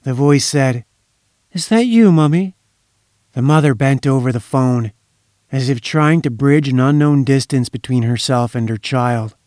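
A man reading a story aloud in a measured, solemn narration. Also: mid-range voice, steady tone, a little mellow, no echo, studio quality.

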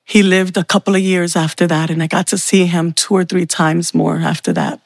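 A woman sharing a heartfelt personal faith testimony, telling her story slowly with pauses. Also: fairly low pitch, animated, creaky, no echo.

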